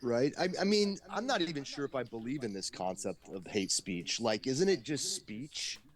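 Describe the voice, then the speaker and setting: A man's voice: medium pitch, big pitch swings, normal speed. A man chatting casually on a stream, hesitant and agreeable, often repeating words. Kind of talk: casual political chat.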